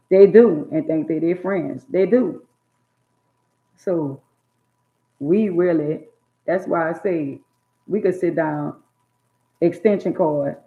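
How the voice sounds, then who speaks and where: A woman in casual chat about her childhood, talking in an animated way and acting out scolding parents in loud bursts. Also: low-pitched, gravelly. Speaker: storyteller recalling childhood. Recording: tinny phone-like sound.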